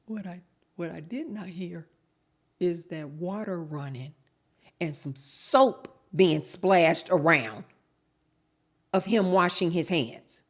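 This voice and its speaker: A woman's voice: on the low side, slow pace, long pauses. A woman vlogger chatting casually to her viewers, telling a story and acting out both sides of the dialogue. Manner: chatty, storytelling, addresses viewers as you guys; acts out both sides of quoted exchanges.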